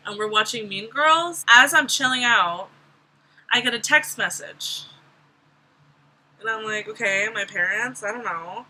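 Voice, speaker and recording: A woman's voice: mid-range voice, sharp tone, rough recording. A young woman vlogger telling a storytime in a chatty, sarcastic way, full of "like". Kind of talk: casual storytime.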